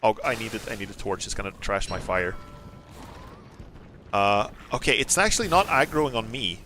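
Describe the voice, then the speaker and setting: A man streaming a video game, commenting casually, excitable, swearing and laughing often. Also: on the low side, normal speed, slight background noise. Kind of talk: let's play commentary.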